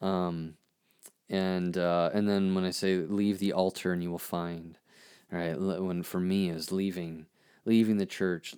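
A man hosting a podcast, reflecting earnestly on his own poem in a halting way, with many restarts and fillers. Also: sits low, a little mellow, clean tone. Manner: earnest and searching. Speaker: podcast host and therapist.

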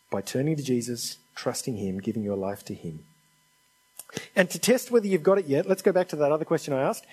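A man's voice: on the high side, darkish tone, slightly rough, poor audio. A man preaching a sermon in an earnest, conversational and pleading manner.

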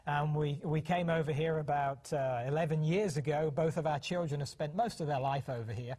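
Husky-voiced British man, chatty. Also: on the high side, fairly quick, mellow. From United Kingdom. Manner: chatty, hesitant restarts, acts out quoted voices. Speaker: co-host, parenting program. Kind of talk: casual television talk.

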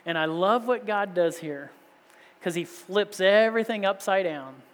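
A man's voice: high-pitched, measured pace. A man in his thirties, a pastor, preaching a sermon with rising rhetorical questions. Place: church sanctuary. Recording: long reverb of a large hall.

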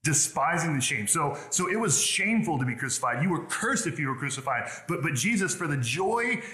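A man's voice: a little high, big pitch swings, a little fast, bright, forceful tone, reverberant. A man preaching a sermon in an earnest way, often repeating words as he builds his points. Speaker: pastor.

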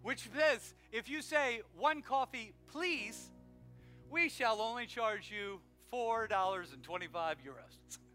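A man preaching an animated sermon in church, drawing call-and-response from the congregation. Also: high-pitched, measured pace, faint music behind. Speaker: pastor. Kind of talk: energetic sermon with announcements. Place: church sanctuary.

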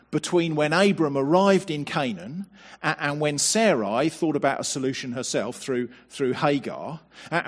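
Husky-voiced man preaching with lively pitch. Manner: conversational, asks rhetorical questions, repeats words when starting. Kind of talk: sermon.

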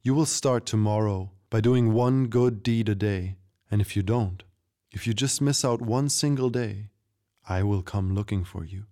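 A man voicing a calm, stern protector who gives quiet, firm commands. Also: lowish voice, a little slow.

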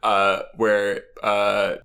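A man's voice: on the low side, monotone, drawn-out words, vocal fry, sharp tone, clear, resonant tone. A man co-hosting a casual chat, telling stories animatedly and acting out quotes in silly voices. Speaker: podcast co-host.

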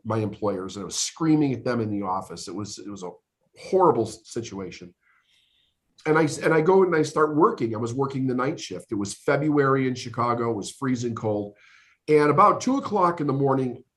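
A middle-aged man from the United States, a business coach and podcast guest, earnestly recounting his life story in conversation, emphatic and given to repeating words as he builds up. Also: mid-range voice.

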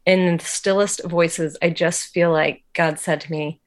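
A woman's voice: fairly low pitch, fairly even intonation, unhurried. A woman guest telling a personal faith story in an earnest, emotional way, with lots of casual "like" fillers. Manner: casual, heavy use of "like" fillers. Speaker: interview guest.

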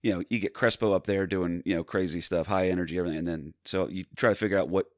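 A man from New Jersey with a very deep voice and quick, tumbling delivery, telling self-mocking comedy stories. The sound is dry and close. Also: fairly even intonation, no echo. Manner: fast rambling anecdotes, self-mocking. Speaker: stand-up comedian, podcast guest. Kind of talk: casual chat.

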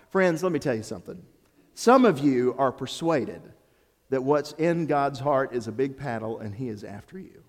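A male pastor preaches with a voice that swings up and down in a lively way, telling his story with animation and addressing the congregation head-on. His voice rings through a long, echoey sanctuary. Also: mid-range voice, moderate pace. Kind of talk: sermon with a told joke. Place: church sanctuary. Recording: echoey hall.

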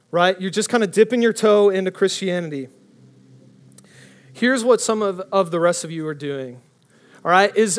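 A young man preaching a casual storytelling sermon, animated and rambling, often breaking off mid-sentence. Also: high voice. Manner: animated, rambling, self-interrupting.

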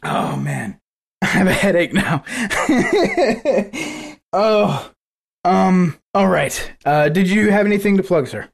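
A man co-hosting a podcast in casual chat, excitable, swearing and laughing often. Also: high-pitched, takes it slowly, creaky, pauses often. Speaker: podcast co-host.

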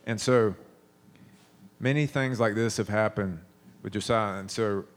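A man's voice: lowish voice, measured pace. A man in his thirties preaching a sermon, telling stories in a conversational way with frequent restarts.

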